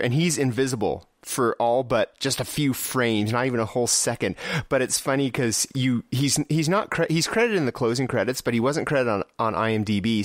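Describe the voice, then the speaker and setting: A man with a mid-range voice co-hosts a casual podcast chat. He chuckles and quotes lines with emphasis. His voice sounds dry and close, with no room echo. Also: mid-range voice. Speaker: podcast co-host.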